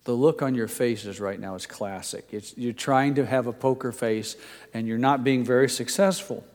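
An older male pastor tells a personal story during a sermon, keeping it conversational and poking fun at himself. His mid-range voice has a darkish tone and moves at normal speed, with long hall reverb around it.

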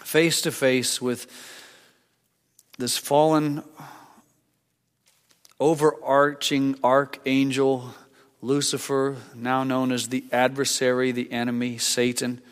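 An older man preaching a sermon as a pastor, conversational and halting, with frequent restarts. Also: medium pitch, level tone, clean tone. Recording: long hall reverb.

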